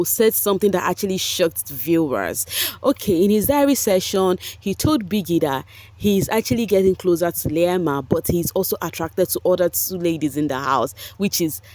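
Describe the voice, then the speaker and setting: A woman giving animated gossip commentary on a reality show to her viewers. She laughs often and drops pidgin exclamations. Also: fairly low pitch, dry recording.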